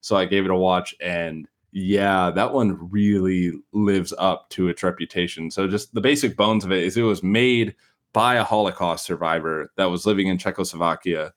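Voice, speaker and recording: Low-voiced Chicago podcast host, loose rambling chat. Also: male voice, fairly even intonation, normal speed. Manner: rambling, loose, with frequent fillers. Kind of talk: casual chat.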